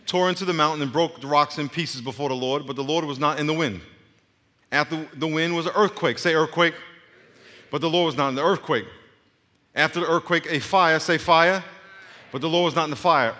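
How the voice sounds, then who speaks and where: A middle-aged male pastor giving a sermon, leading the congregation in call-and-response and dropping to a hushed near-whisper to make his points. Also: mid-range voice. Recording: long reverb of a large hall.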